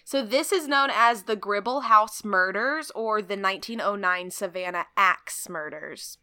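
A woman's voice: medium pitch, unhurried, sharp tone, clear, resonant tone. A woman in her thirties co-hosting a chat show, telling a story with playful jokes and asides. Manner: playful, laughing, jokey asides. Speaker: podcast co-host.

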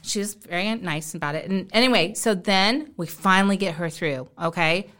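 A woman's voice: fairly low pitch, normal speed, fairly bright tone. A middle-aged woman telling a story casually on a talk show, acting out her quoted lines. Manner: chatty, acts out quoted lines.

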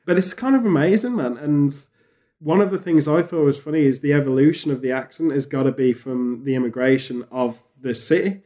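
A man chatting on a podcast, rambling and animated, with frequent restarts. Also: fairly high pitch, fairly quick. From England. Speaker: podcast host. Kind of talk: casual podcast chat.

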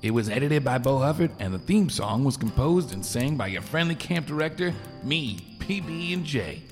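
A man's voice: medium pitch, very animated, moderate pace. A man voicing a friendly adult camp director who reads a scripted outro in a folksy bedtime way. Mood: cheery. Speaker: show announcer. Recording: long reverb over clear music.

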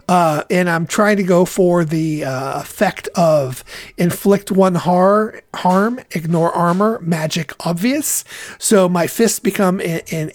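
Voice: medium pitch, dry recording. A player in a tabletop game describing their character's actions, hesitant and full of fillers. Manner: animated, hesitant with many fillers.

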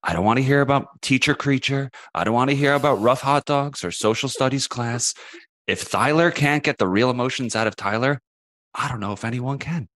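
A man's voice: mid-range voice, a little fast, fairly bright tone. A comedy podcast host doing an improv scene as a grumpy, blunt father.

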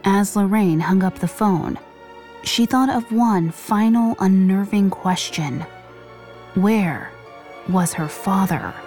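A woman hosting a podcast, reading a scripted true-crime story in a measured, grave way. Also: mid-range voice, mellow, faint music behind. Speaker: podcast host and narrator.

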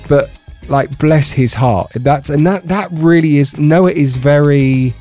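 A man co-hosting a podcast from a bedroom at home, chatting casually and telling stories with lively pitch jumps. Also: slow pace, soft background music. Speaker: podcast co-host. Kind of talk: casual chat.

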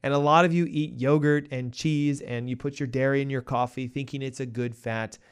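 A middle-aged man hosting a health show, giving emphatic, punchy advice full of rhetorical questions and quick asides. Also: medium pitch, fairly even intonation, clean tone. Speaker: health podcast host. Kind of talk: energetic health advice talk.

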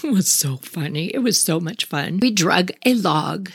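A woman with a husky voice telling childhood family stories in a casual, animated way and talking to her listeners directly. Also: on the low side, normal speed, no echo, studio quality. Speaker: storyteller.

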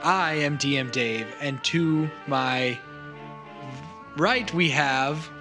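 A man's voice: fairly high pitch, very slow, music in the background. A man narrating a tabletop game as game master in a laid-back way.

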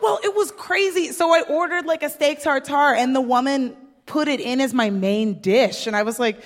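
A woman's voice: sits high, moderate pace, in a large hall. A woman co-hosting a casual comedic chat in front of a live audience, teasing and rambling with lots of asides. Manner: chatty, teasing, full of "like" and asides.

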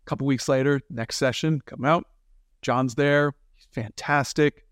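A man guest in an interview, telling lively anecdotes in casual talk and acting out the people he quotes. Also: medium pitch, normal speed, smooth, dry recording, studio quality. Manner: animated anecdotes with quoted voices. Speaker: guest, animator and film director.

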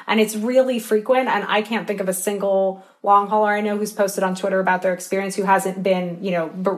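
A woman author speaking as a radio interview guest, earnest and impassioned. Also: medium pitch.

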